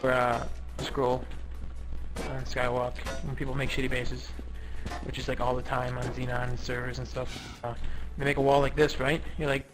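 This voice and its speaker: A man's voice: mid-range voice, completely flat delivery, normal speed, over music, poor audio. A young man casually narrating a gaming tutorial, cocky and boastful, swearing often and rambling with fillers. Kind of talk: casual screen-recorded game commentary.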